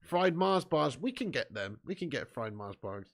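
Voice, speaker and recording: A man's voice: mid-range voice, big pitch swings, normal speed. A man hosting a football watch-along stream, reading out viewer comments in casual, jokey banter and laughing often.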